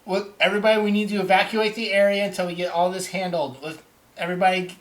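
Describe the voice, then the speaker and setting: A man voicing an alarmed male city guard who orders people to clear the area in an urgent, commanding way. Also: high voice, flat delivery, quick pace, pitched above the performer's own voice, close to an everyday voice.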